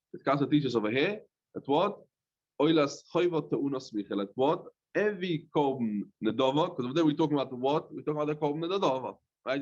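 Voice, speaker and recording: A man's voice: fairly high pitch, dull audio. Man chanting and explaining a Talmud text. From London. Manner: reads the text in a chanting singsong, then explains in plain speech; hesitant, with many "uh" fillers. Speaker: rabbi teaching Talmud. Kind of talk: Talmud lesson, reading and explaining.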